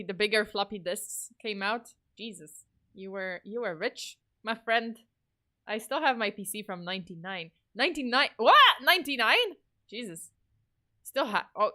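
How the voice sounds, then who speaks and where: Bright-voiced woman streamer rambling casually. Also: mid-range voice. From Poland. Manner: rambling, swearing, laughing a lot. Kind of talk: casual livestream chat.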